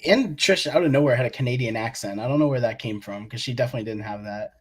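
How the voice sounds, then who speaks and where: A man's voice: mid-range voice, fast talker, husky. Laid-back guest man from Boston. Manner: laid-back, hesitant with fillers. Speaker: podcast guest. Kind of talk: casual wrestling podcast chat.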